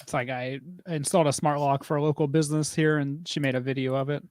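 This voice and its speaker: A man's voice: on the high side, fairly even intonation, fast, darkish tone, clean tone, dry recording, studio quality. A man who installs home tech, co-hosting a podcast with chatty, self-mocking banter. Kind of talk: casual chat.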